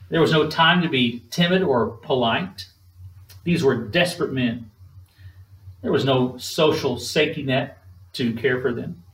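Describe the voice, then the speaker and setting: A man preaching a sermon in a measured, emphatic way, drawing spoken responses from the congregation. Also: mid-range voice. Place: church sanctuary. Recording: echoey room, distant mic.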